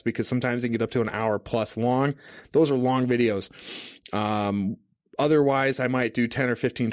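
A man hosting a casual teaching podcast, talking in a relaxed, conversational way with many fillers, at a studio mic on a stand. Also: medium pitch, no room sound. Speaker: podcast host. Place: home studio at a desk.

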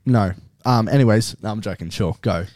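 A young man co-hosting a podcast in casual chat, relaxed and swearing freely. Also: lowish voice, no echo, clean studio sound. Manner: relaxed, swears often, drawn-out phrasing. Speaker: podcast co-host.

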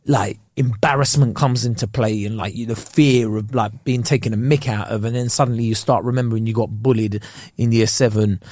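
A man co-hosting a podcast, telling stories in animated, slangy casual chat. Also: medium pitch, a little fast, no echo, studio quality. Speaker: podcast co-host.

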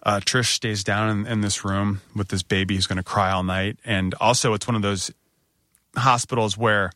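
A middle-aged man casually telling a self-mocking story, acting out other people's lines with big jumps in pitch. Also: fairly even intonation, moderate pace, bright, forceful tone, no room sound, clean studio sound.

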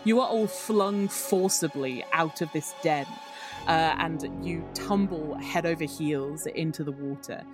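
A woman's voice: low voice, a little slow, music in the background. A woman narrating a tabletop game as game master, descriptive with frequent fillers.

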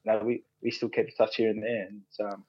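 This Australian man in his thirties, a rugby league player on a podcast, rambles through stories casually, using lots of fillers and cursing freely. He speaks quickly with a slightly rough, fairly low voice and level tone. There's no echo, and the sound is dry and dull.

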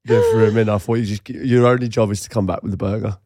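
A man's voice: fairly low pitch, steady tone, fast, dark tone, no echo, clean studio sound. A man co-hosting a casual podcast, joking around and laughing as he questions his co-host. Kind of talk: casual chat.

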